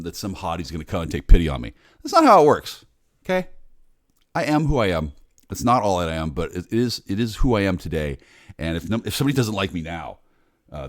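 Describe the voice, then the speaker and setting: A deep-voiced man in his late forties vents in a bitter, sardonic, swear-filled ramble. His pitch jumps around as he swings from low mutters to loud outbursts. The sound is dry and close. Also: no echo. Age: 40s. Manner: mumbles low, then bursts loud. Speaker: vlogger. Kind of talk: rambling profane monologue.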